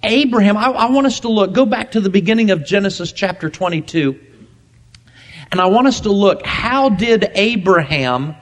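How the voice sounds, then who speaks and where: Male pastor, high voice, emphatic sermon delivery with deliberate repetition.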